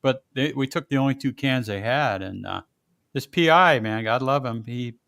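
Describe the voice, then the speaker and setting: A man hosting a casual chat, telling lively stories and laughing often. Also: medium pitch, moderate pace, creaky, no room sound. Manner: animated storyteller, laughs often, puts on voices in quotes. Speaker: podcast host.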